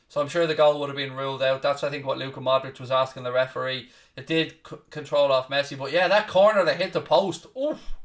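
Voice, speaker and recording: A man hosting a live football watchalong, commentating casually, swearing a little, mocking himself, and shouting out loud at big chances. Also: medium pitch, distant mic. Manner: self-deprecating, swears casually. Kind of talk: live match commentary and chat with viewers.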